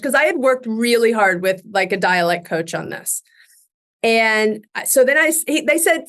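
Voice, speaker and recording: A middle-aged woman speaks as a podcast guest, her voice sitting a little high. She tells her stories in an animated rush, breaking into laughter and starting her sentences over. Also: moderate pace. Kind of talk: casual interview storytelling.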